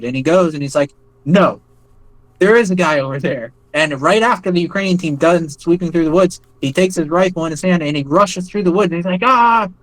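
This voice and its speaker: A man's voice: on the high side, no echo, low-quality recording. A young man telling a story in a casual interview, rambling, with many fillers and acted-out quotes. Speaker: interview guest, former foreign volunteer soldier.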